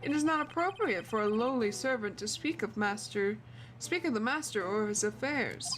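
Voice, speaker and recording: A woman's voice: on the high side, lively intonation, moderate pace, fairly bright tone, a little hiss or hum. A woman voicing a polite, evasive male family butler in formal, stiff speech.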